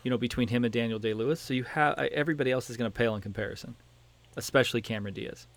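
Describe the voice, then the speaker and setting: A man's voice: medium pitch, rapid-fire. A man hosting a podcast, chatting casually and teasing his co-hosts with jokey questions. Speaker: podcast host. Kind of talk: casual chat.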